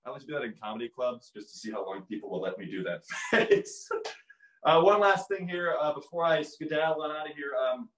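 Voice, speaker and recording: A man's voice: on the high side, expressive, brisk, a bit bright, roomy sound, low-quality recording. A young man doing a stand-up impressions set from home, with a radio-announcer voice and dry jokes. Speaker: comedian. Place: at home, filmed by his mother.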